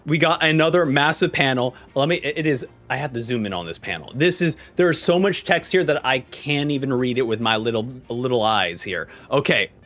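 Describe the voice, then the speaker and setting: Excitable man reacting to a manga chapter. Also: mid-range voice, a little fast, hardly any pauses, faint music behind. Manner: animated and excitable, acts out characters' lines. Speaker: manga reaction channel host.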